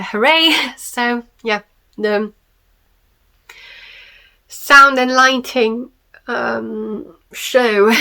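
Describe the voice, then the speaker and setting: A young woman hosts a relaxed knitting podcast on her own. Her slightly high voice sounds stuffy and nasal from a cold. She chats along warmly with plenty of ums and little laughs. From France. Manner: chatty and apologetic, laughs often, many ums. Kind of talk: casual solo podcast chat.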